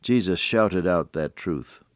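An older man delivers a radio devotional sermon in a deep, low voice. He preaches earnestly, quoting scripture in old-fashioned wording and rising on key phrases. The recording is dry and close, with no room sound. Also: slow, no room sound.

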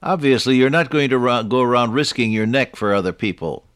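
A man's voice: mid-range voice, fairly quick, smooth, dry recording, studio quality. A man preaching a Bible teaching sermon in a conversational way, often asking his listeners rhetorical questions and chuckling at his own stories.

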